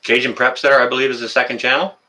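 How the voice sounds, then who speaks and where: A man's voice: medium pitch, level tone, racing, bright, forceful tone. A Canadian man hosting a casual livestream, greeting viewers in the chat by name and chatting with plenty of fillers. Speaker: livestream host.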